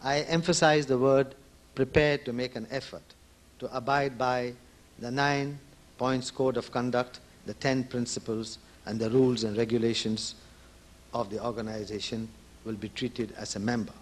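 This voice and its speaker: A man's voice: medium pitch, fairly even intonation, moderate pace. A man addressing devotees at a conference as an organization leader, speaking earnestly and repeating key points for emphasis. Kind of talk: conference speech. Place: conference hall.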